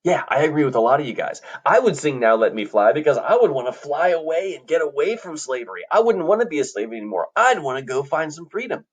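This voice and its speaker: A man's voice: on the high side, sing-song, quick pace, few pauses, slightly rough, highs cut off. A man teaching a classroom music lesson, coaching students in an upbeat way and singing short examples for them to copy.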